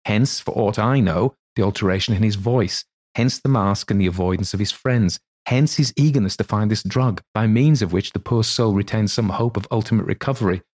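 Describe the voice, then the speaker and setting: A composed middle-aged lawyer reasoning things out in formal, careful sentences, played by a man reading the book. His voice is low and steady. It is a single-reader audiobook. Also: fairly quick, hardly any pauses, husky.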